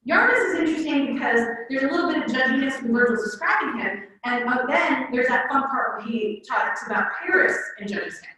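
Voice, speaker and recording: A high-pitched woman with a bright, sharp tone gives a lively conference presentation as a Latin teacher. She talks in an animated way and slips into playful quoted voices. The sound is very echoey, recorded from well off the mic. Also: a little fast, few pauses. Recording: echoey room, far from the mic.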